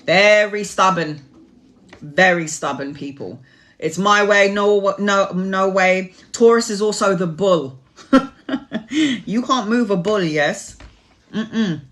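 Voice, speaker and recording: A woman's voice: medium pitch, slow, a bit bright. A woman reading tarot on a live stream, answering chat questions in a rambling, earnest way. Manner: rambling, earnest, advice-giving. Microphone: phone or webcam live stream.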